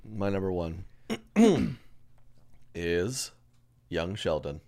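Deep-voiced man co-hosting a chat podcast. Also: lively intonation, drawn-out words, warm tone. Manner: jokey, laughs often. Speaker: podcast co-host. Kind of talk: casual chat.

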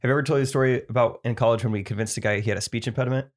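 Lively young man telling stories. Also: medium pitch, racing. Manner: animated storyteller, laughs often. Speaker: podcast co-host. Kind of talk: casual chat.

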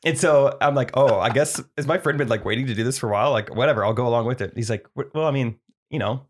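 A young man with a mid-range voice tells stories on a podcast. He is animated and quick to laugh, and he tells them casually. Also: mid-range voice. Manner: animated storyteller, laughs often. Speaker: podcast co-host. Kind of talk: casual chat.

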